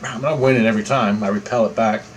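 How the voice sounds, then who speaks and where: A man's voice: on the low side, fairly even intonation, fast talker, a little hiss or hum, rough recording. A man telling a story in a casual, rambling way, repeating himself and swearing freely. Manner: rambling, repetitive, profane. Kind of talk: casual first-person storytelling.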